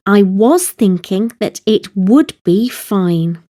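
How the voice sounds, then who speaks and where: A woman narrating a scripted language lesson, explaining grammar slowly and carefully, step by step. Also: medium pitch, lively intonation, mellow. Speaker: Welsh language teacher.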